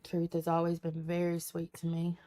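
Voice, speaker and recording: A woman's voice: lowish voice, monotone, normal speed, mellow. A woman, a tarot reader chatting casually on a live stream, her voice cracking in and out. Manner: chatty, reads viewer comments aloud, folksy.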